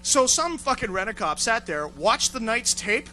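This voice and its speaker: A man hosting a talk show, telling crude stories loudly with lots of swearing and laughter, often acting out voices. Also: very high voice, sing-song, moderate pace. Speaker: show host. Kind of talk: crude comedic storytelling banter.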